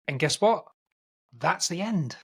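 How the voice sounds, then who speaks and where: A man co-hosting a film podcast, casually retelling a film's plot in a rambling, animated way and acting out quotes. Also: a little high, slow pace, vocal fry, slightly rough. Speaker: podcast co-host.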